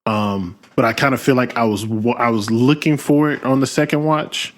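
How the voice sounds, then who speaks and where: A man hosting a casual film discussion podcast, talking thoughtfully with many pauses and fillers. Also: medium pitch, steady tone. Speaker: podcast host.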